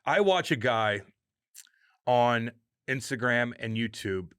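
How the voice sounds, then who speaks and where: Man, podcast co-host, blunt, joking, swears a lot, mid pitch, dry sound. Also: animated, slow, fairly bright tone, smooth, no room sound. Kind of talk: casual chat.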